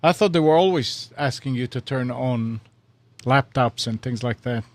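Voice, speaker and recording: A man co-hosting a podcast, haltingly reading a news item aloud. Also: medium pitch, no room sound. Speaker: podcast co-host. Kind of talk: casual chat, reading news.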